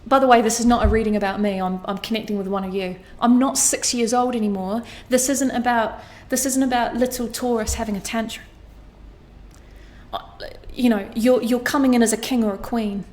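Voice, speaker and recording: A woman giving an intuitive astrology reading to camera, animated and blunt, swearing casually as she talks. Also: fairly high pitch, fairly quick. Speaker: astrology tarot reader.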